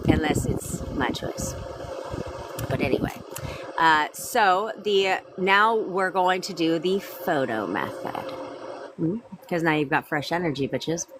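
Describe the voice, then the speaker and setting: A woman's voice: on the low side, background noise. A woman coaching viewers on a live stream, chatting casually, answering them by name and repeating her points.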